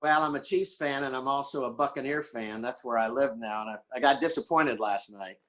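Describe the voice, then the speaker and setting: An older man from Florida, a podcast guest telling animated stories and acting out the people he quotes. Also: mid-range voice, brisk. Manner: animated storyteller who acts out quotes. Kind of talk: casual storytelling chat.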